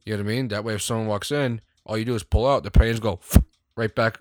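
A man from the United States co-hosting a crude casual podcast chat, profane and animated, laughing often. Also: lowish voice, fast, no room sound, studio quality. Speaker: podcast co-host.

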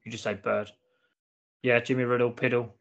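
A man's voice: medium pitch, little pitch movement, normal speed, fairly bright tone. A man trading casual banter on a podcast, blunt and profane, circling back over his own words. The audio is a little dull and lo-fi. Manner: blunt, sweary, repeats himself.

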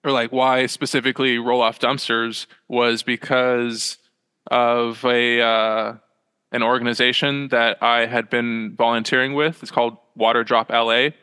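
A young man, a small business owner talking from home as a podcast guest, in a halting, rambling way full of fillers and self-corrections. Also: mid-range voice, flat delivery, bright, forceful tone, clean tone, in a large hall. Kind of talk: casual interview chat. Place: small room at home with a loft bed.

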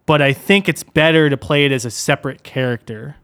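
A man's voice: a little high, brisk, clear, resonant tone. Laid-back young man, rambling gamer chat. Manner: relaxed, rambling, lots of "like" and "dude". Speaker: podcast co-host. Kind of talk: casual chat.

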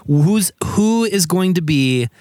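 A man hosting a casual sports podcast, talking excitedly and rambling with frequent restarts. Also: sits high, slow pace, no room sound. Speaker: podcast host.

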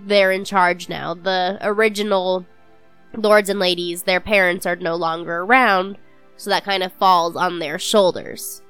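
A woman's voice: on the low side, steady tone, measured pace, a bit bright, smooth, faint music behind. A woman in a casual chat, patiently explaining the story to the others.

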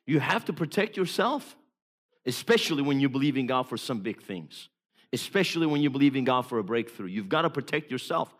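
A man preaching a sermon as an evangelist, emphatic, moving between hushed storytelling and loud exhortation. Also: mid-range voice, lively intonation, brisk.

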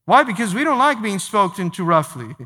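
A pastor preaching a sermon to his church, emphatic, repeating phrases and slowing down to stress key points. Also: high voice, big pitch swings, pushed and bright. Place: large church sanctuary. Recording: long hall reverb.

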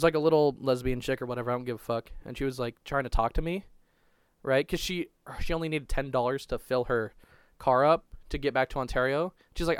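A man's voice: medium pitch, smooth, no echo. A young man telling a crude, rambling story on a casual podcast, swearing constantly and restarting his sentences. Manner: profane, rambling, restarts a lot.

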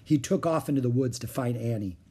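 A man reading a children's chapter book aloud in an expressive storytelling way. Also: medium pitch, a little fast, husky. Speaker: storybook reader.

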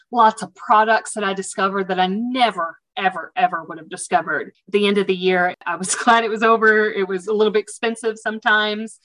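A woman telling a personal story as an interview guest in a casual, animated and chatty way, amused at herself. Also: mid-range voice, rough recording.

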